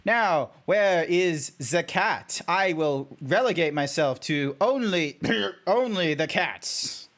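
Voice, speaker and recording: Australian man doing a robotic male zebra: stilted, formal, slightly high voice. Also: expressive, fairly bright tone. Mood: stiff formal. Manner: slow, stilted, overly formal phrasing. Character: stiff robotic male zebra addressing humans. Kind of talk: livestream bit.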